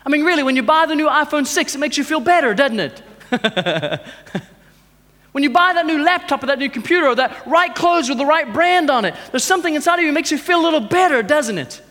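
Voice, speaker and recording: High-voiced man preaching in an echoey hall. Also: animated, brisk. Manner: rhetorical questions, swings between loud urging and hushed intensity. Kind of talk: sermon.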